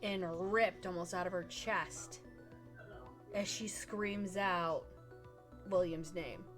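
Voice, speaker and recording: A woman game master narrating a tabletop game in a casual, lively storytelling way. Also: on the low side, takes it slowly, faint music behind.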